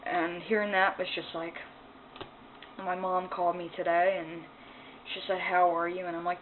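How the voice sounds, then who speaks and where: A woman's voice: lowish voice, little pitch movement, moderate pace. A woman ranting in a personal vlog, angry, upset and emotional, swearing as she talks. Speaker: vlogger. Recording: tinny phone-like sound, faint noise.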